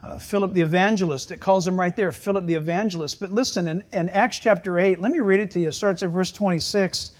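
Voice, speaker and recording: Older male pastor, high voice, lively storytelling sermon delivery. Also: fast, hardly any pauses. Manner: animated, jokey storyteller with rising excitement.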